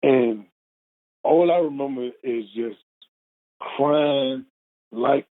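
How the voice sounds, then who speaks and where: A man's voice: mid-range voice, drawn-out words. A man telling his own life story with strong emotion, earnest and repeating words when moved. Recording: phone-like narrow band.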